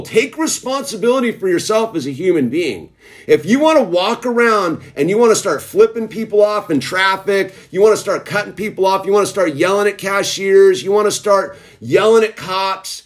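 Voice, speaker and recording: A man lectures in a casual rant, preachy and emphatic. His fairly high voice leaps up and down as he drives each point home. He keeps tacking "dude" onto his sentences. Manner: preachy, repeatedly saying "dude".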